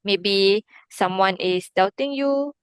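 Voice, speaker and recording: A woman's voice: medium pitch, takes it slowly, clear, resonant tone, no room sound. A woman teaching an Arabic grammar lesson online, patiently checking in with her student by asking "okay?" and "right?".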